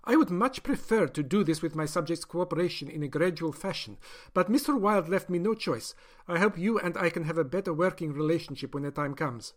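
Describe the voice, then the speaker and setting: A cold, clipped woman scientist with a sugary, prim politeness, as a male narrator puts her on, pitched high above his own voice. She sounds reasonable while saying ruthless things. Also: a little fast, few pauses, close to an everyday voice. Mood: coolly threatening. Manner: prim, clipped and falsely friendly. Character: brisk, coldly polite woman scientist, middle-aged.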